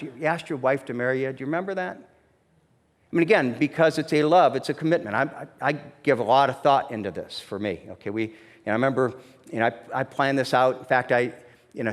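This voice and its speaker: A man's voice: mid-range voice, big-room sound. A man preaching a sermon as pastor, telling stories in a conversational way with many restarts and growing emphatic. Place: church sanctuary.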